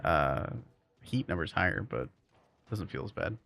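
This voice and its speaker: A man's voice: sits low, big pitch swings, measured pace, vocal fry, fairly bright tone, dry recording. A man rambling and joking in casual chat while streaming a game, full of folksy asides. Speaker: gaming streamer.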